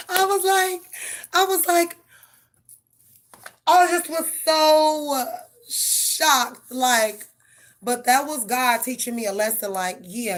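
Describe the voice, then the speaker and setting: A woman with a mid-range voice does live tarot readings on stream, mixing them with casual chat. She's blunt and profane, addressing viewers directly, with slight background noise in the audio.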